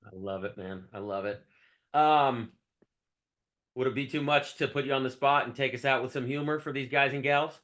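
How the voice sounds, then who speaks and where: A man hosts a conversational interview at a mid-range pitch. He asks questions in a measured, encouraging way. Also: fairly bright tone. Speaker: podcast host.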